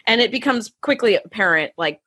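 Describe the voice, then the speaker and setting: A woman co-hosting a casual chat. She laughs a lot and jumps into high, mocking voices to act out characters. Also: lively intonation, brisk, sharp tone, husky. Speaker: podcast co-host.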